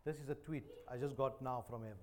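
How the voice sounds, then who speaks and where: A man's voice: medium pitch, steady tone, fast, slight background noise. A man preaching a sermon, joking and chatty, repeating phrases. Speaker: pastor. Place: church.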